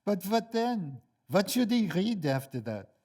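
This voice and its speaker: A man's voice: high-pitched, very animated, unhurried, a little mellow, voice pushed up, heavily acted. A man voicing a pushy tiny old immigrant grandmother with a Central European accent, who scolds and demands in broken English. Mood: demanding.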